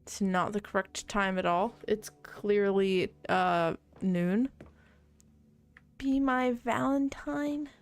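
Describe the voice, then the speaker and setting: A woman's voice: medium pitch, slow. A young woman streamer chatting casually while playing a game, reading on-screen text aloud and bursting into laughing shrieks. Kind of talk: casual gameplay commentary.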